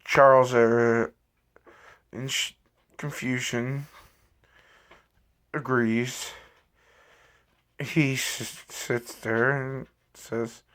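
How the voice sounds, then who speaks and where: A man narrating an improvised story in a halting, self-correcting way. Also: mid-range voice, flat delivery, a bit bright.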